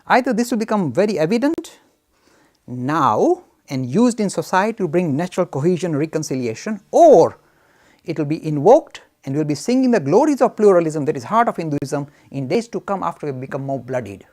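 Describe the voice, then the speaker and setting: A man giving an emphatic, animated lecture that answers audience questions and is full of anecdotes. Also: fairly high pitch, a little fast. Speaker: speaker on Hinduism.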